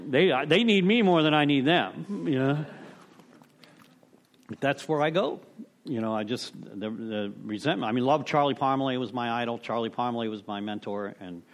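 A man's voice: medium pitch, moderate pace. A middle-aged man sharing at a recovery meeting, rambling through a story with many restarts, "you know"s and casual cursing.

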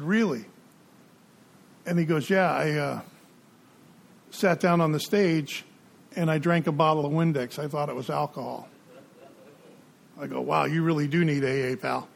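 A middle-aged man, the guest speaker at a recovery meeting, telling his personal story in a conversational way and acting out the dialogue he quotes. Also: on the high side.

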